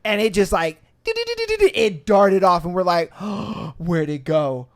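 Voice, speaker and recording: Guy on a podcast telling a wild story, voice on the high side, does everyone's lines, swears plenty. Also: unhurried, vocal fry. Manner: animated, acts out quotes with shifting pitch and volume, laughs and swears often. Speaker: podcast host. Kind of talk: casual storytelling.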